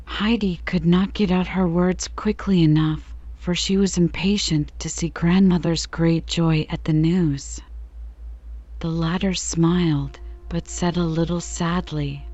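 Mellow woman reading a classic storybook. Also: on the low side, fairly even intonation, a little slow, no echo. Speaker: audiobook reader. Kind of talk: calm storybook narration. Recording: slightly dull lo-fi recording.

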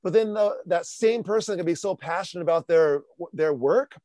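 A man talking as a podcast guest, energetic and animated, with lots of casual fillers. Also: sits high, moderate pace, no room sound. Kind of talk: casual interview talk.

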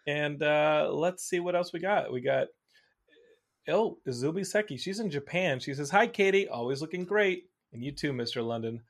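A man hosting a podcast, chatting casually and telling a rambling, animated story. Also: fairly high pitch, normal speed. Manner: rambling, animated storytelling, reads out viewer comments. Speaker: podcast host. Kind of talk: casual chat.

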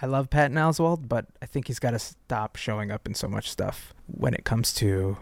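A man co-hosting a casual comedy podcast, chatty and quick to laugh, reading out news items between jokes. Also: mid-range voice, expressive, gravelly, no echo. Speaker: podcast co-host.

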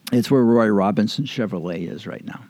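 Interviewed about the past, an older man rambles through old stories with chuckles, frequent fillers and restarts. His voice is fairly low and darkish, and he talks fairly quickly.

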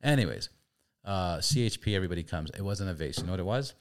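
A man's voice: low-pitched, expressive, fast. A man hosting a casual chat, telling stories animatedly with swearing and acted-out quotes. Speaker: podcast host.

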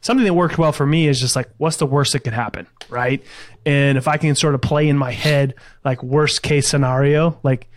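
A man's voice: mid-range voice, steady tone, moderate pace, a little hiss or hum. A male podcast host reflecting on a guest's story and giving sales advice in a reflective, coaching tone. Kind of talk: conversational interview.

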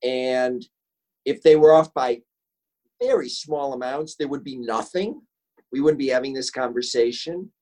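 An earnest male author answering questions in a relaxed interview, mid-pitched and conversational. He drifts easily into long storytelling. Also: a little slow, low-quality recording. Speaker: author and guest.

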